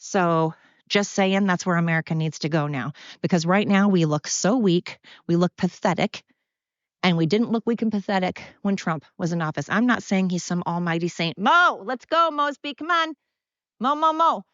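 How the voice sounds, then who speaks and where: Walking around outside, a woman hosts a solo podcast in a lowish voice at a moderate pace with no echo. Her casual opinion rant is heated and repetitive, full of blunt profanity. The audio is dull, lo-fi, and dry.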